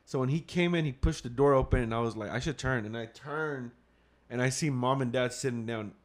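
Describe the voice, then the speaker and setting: A man telling a casual story to his partner, rambling and full of "I was like." He acts out his past thoughts in his own plain voice, with a pitch that sits in the middle for a man. He swears now and then. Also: fairly quick. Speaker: father.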